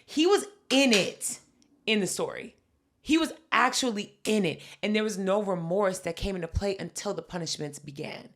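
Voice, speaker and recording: A woman co-hosting a podcast, telling a story in casual chat with lively, profane delivery. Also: mid-range voice, normal speed. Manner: animated, profane, acts out quotes. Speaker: podcast co-host.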